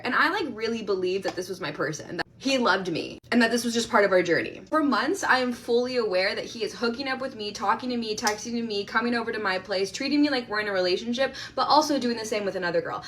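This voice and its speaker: A young adult woman telling a personal dating story in a casual, candid, self-mocking and animated way. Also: fairly high pitch, fast, few pauses, slight background noise.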